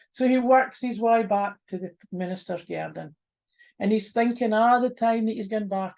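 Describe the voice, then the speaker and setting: A woman with a North-east Scots accent telling a folk tale in a lively, homely way, mixing in broad Scots words. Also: mid-range voice, normal speed, creaky. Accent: North-east Scots (Doric). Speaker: storyteller. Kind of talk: oral folk storytelling.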